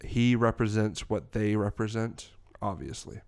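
A man with a gravelly, fry-edged voice, delivering improvised comedy in a deadpan way. He stumbles through his lines on purpose as a bumbling courtroom lawyer, sounding casual and dry. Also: on the low side, a little slow. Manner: deadpan, plays a fumbling mock lawyer. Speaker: comedy podcast co-host.

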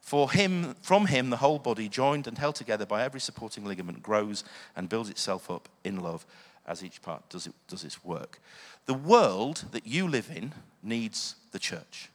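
Man, earnest sermon delivery, lowish voice, hall reverb. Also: expressive, moderate pace, few pauses. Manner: earnest, asks the listeners questions. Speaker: preacher.

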